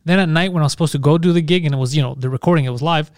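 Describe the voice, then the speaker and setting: A man hosting a podcast in casual chat, telling stories in an animated way and swearing freely. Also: on the high side, rapid-fire, no echo, studio quality. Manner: animated storytelling, heavy swearing. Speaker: podcast host and comedian.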